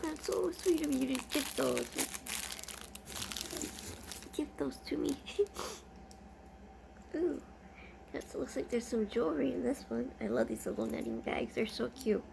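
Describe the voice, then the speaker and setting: Woman vlogger, gushing unboxing chat, high pitch with a gravelly edge. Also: unhurried, pauses often, noisy background. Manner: gushing, easily delighted.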